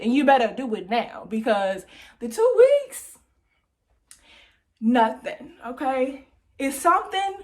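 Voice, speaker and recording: A young woman chatting excitedly to her viewers in a vlog, still out of breath after a workout. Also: high voice. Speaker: vlogger. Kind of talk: casual chat to camera.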